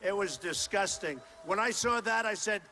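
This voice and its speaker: A man with a high, bright voice delivers a campaign rally speech through a stage microphone. He talks in punchy, repetitive, boastful bursts and often shouts to the crowd. The sound carries a long reverb from a large indoor hall, with a faint wash of crowd noise underneath. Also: animated, normal speed. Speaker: political candidate. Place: large indoor university venue.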